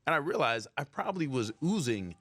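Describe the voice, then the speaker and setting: A man's voice: fairly high pitch, big pitch swings, fairly quick, a bit bright. A man who is a studio guest, telling a story about himself in a laid-back, self-mocking way. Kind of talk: casual studio chat.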